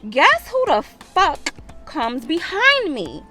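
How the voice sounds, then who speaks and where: A woman's voice: very high-pitched, wildly swooping pitch, slow, bright, forceful tone, soft background music. A woman vlogger, telling a storytime with profanity and acted-out quotes. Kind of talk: storytime vlog.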